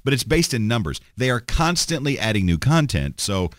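A man's voice: medium pitch, big pitch swings, moderate pace, dry recording, studio quality. A middle-aged man hosting his own podcast, talking in a rambling, sardonic way with many restarts and fillers. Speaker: podcast host. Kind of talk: solo podcast monologue.

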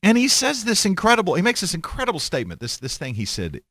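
A man giving an irreverent, sarcastic rant, animated and stammering as he goes. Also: sits high, fast, few pauses, no room sound, studio quality. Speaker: commentator.

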